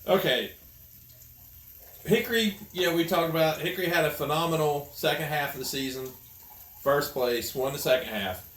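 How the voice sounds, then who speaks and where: A man's voice: on the high side, moderate pace, fairly bright tone, echoey room, a little hiss or hum. A man co-hosting a podcast, casually explaining his opinions. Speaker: podcast co-host. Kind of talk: casual chat.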